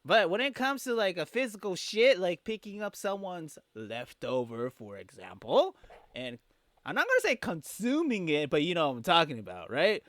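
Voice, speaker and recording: A man reading a visual novel aloud in a casual playthrough, animated and joking. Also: high voice, normal speed, dry recording. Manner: animated, joking, swears freely.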